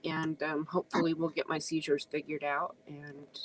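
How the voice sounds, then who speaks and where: A woman guest on a livestream talking softly and earnestly, teary after crying. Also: low-pitched, little pitch movement, moderate pace, a crowd in the background, low-quality recording. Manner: soft, earnest, emotional. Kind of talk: casual conversation.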